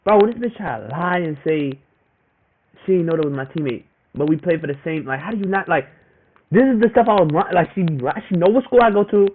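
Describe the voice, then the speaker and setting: A man's voice: sits high, expressive, fairly quick. A young man telling a storytime to the camera in casual, profane slang, repeating himself as he goes. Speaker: vlogger. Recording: tinny phone-like audio with faint noise.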